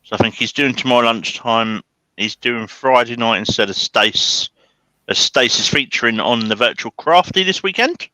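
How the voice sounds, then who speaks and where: Jokey male guest, bright tone, dead-dry mic. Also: medium pitch, normal speed, no echo, poor audio. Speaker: woodturner guest. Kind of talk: casual stream banter.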